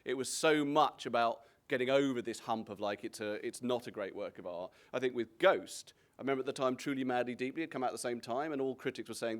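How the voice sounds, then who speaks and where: A man, a comedian, telling anecdotes in a relaxed, reflective way, often restarting his sentences. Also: medium pitch, fast, hardly any pauses. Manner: rambling, self-interrupting, reflective. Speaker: guest comedian.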